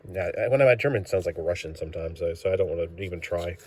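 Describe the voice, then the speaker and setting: A man's voice: deep voice, rapid-fire, slightly rough. A man giving a casual comic book review, rambling along with fillers and self-corrections.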